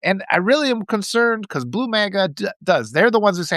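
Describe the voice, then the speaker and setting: A man's voice: high voice, sing-song, a little fast, fairly bright tone, no room sound, studio quality. Fervent man with a raised voice. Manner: fervent, repeats phrases for emphasis. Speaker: livestream host. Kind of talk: impassioned political commentary reading live chat.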